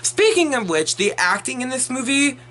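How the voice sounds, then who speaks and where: A man's voice: extremely high pitch, big pitch swings, moderate pace, sharp tone. A young man giving an unedited movie review in a rambling, exasperated and profane rant, full of restarts.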